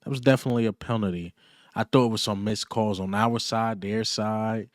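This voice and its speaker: A man with a lowish voice rants about his team's win in a casual fan video. He is excited and boastful, repeating lines for emphasis and trash-talking rivals. The sound is dry, with no room echo. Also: a little fast. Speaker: sports fan vlogger. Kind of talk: casual fan reaction rant.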